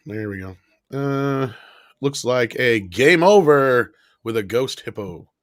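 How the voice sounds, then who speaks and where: A man's voice: medium pitch, lively intonation, takes it slowly, no echo, studio quality. A man co-hosting a casual livestream, wry and cursing, reading out viewer messages. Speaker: co-host.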